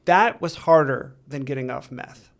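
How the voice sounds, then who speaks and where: A man, a podcast guest, telling a personal story in earnest, halting speech with frequent restarts. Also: medium pitch, gravelly. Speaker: interview guest. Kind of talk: candid storytelling in a recovery interview.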